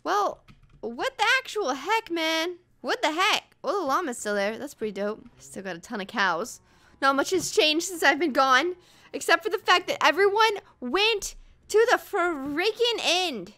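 A woman's voice: very high-pitched, big pitch swings, measured pace, bright, forceful tone. A young woman hosting a gaming channel, chatting and playing in a bubbly, dramatic, mock-offended way. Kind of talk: casual gaming commentary.

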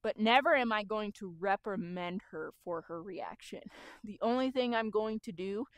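A woman horse trainer explaining calmly while working with a horse outdoors and talking to it as she goes. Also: medium pitch, no echo. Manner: calm, explanatory, talks to the horse as she works.

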